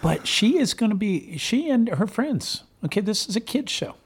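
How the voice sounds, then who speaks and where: A man's voice: high-pitched, sing-song, moderate pace, husky. A man co-hosting a radio show, talking with enthusiasm and a rallying tone. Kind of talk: casual radio chat. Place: radio studio.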